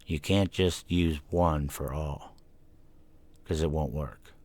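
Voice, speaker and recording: A man's voice: extremely low pitch, slow pace, a little mellow. A man hosting his own podcast at home, talking casually and thinking aloud, sometimes chatting to his cat. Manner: rambling, self-reflective, talks to his cat. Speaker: podcast host. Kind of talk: casual solo podcast talk. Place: home room. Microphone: desk microphone.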